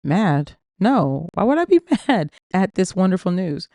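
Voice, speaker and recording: A woman's voice: on the low side, big pitch swings, a little slow, dark tone, dry recording, studio quality. A woman voicing a boastful, manipulative rich man in an audiobook reading, in a coaxing, pushy manner. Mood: delighted.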